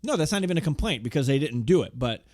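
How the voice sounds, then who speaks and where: A man's voice: fairly high pitch, very animated, fast, darkish tone, dry recording, clean studio sound. A man co-hosting a podcast in casual chat, wry and joking, easily agreeing. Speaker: podcast co-host.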